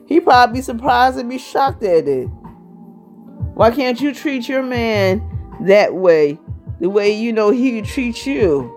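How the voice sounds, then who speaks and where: A woman in her fifties speaking to her viewers in a loose, rambling way. She keeps checking in with the listener and returns to the same points. Faint music plays softly behind her. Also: a little high, animated, a little slow. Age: 50s. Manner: chatty, rambling, constantly asks "you know what I mean". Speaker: vlogger. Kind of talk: casual vlog monologue.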